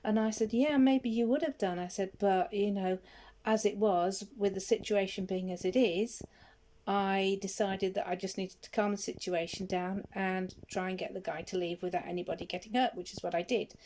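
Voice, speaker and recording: A middle-aged woman, chatting casually to camera while out on a walk and telling a story with frequent ums and soft laughs. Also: medium pitch, level tone, normal speed, slight background noise. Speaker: vlogger and security guard. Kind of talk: casual walking vlog chat. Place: outdoors on a walk.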